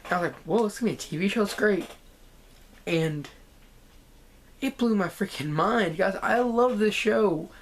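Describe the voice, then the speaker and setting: A woman vlogging a casual, excited TV show review, rambling and repeating herself. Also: mid-range voice, moderate pace, long pauses, a little hiss or hum. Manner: enthusiastic, rambling, repeats "guys" and "freaking".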